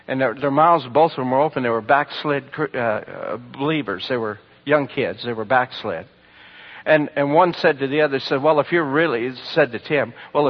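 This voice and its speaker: A man preaching, telling testimony stories to a congregation, swinging from loud bursts to hushed lines. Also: a little high. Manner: storytelling, animated with sudden loud bursts and hushed drops. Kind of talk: sermon testimony. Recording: dull lo-fi sermon recording.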